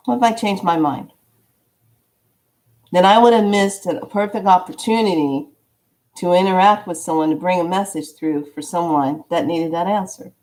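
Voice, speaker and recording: A woman vlogger telling a spiritual story in a casual, animated way, acting out the dialogue as she goes. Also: fairly low pitch, normal speed.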